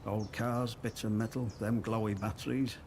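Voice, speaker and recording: A man's voice: lowish voice, little pitch movement, moderate pace, darkish tone, lightly acted. An actor playing a wary, chatty male woodland trader with a northern English accent touched by Liverpool. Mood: ominous. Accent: northern English with Liverpool hints. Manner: folksy, wary, chatty storyteller.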